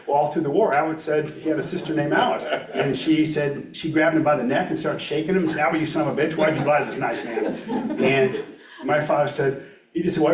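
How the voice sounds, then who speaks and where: A man's voice: medium pitch, far from the mic. An older man at a library talk, telling folksy family stories and acting out quoted dialogue. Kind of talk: storytelling talk. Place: library meeting room. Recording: roomy hall, voice off the mic.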